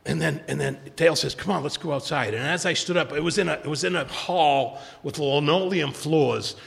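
An older man telling his own story at a recovery meeting, emotional and animated, acting out what people said. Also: fairly high pitch, normal speed, vocal fry, big-room sound. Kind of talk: personal storytelling talk.

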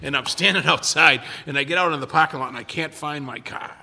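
An older man with a husky, breathy voice tells a rambling recovery story, pitched a little high with a bright, forceful edge. He keeps stalling, repeating words and starting over. His voice rings out in a hall with a long echo. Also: fast talker. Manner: rambling, many restarts and stammers. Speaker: recovery speaker. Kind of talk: personal story sharing.

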